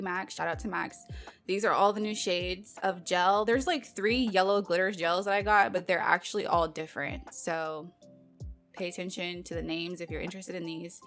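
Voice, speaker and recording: A woman's voice: on the low side, a bit bright. A woman vlogger casually chatting through a nail product unboxing, talking in a loose, filler-heavy way with playful exasperated asides.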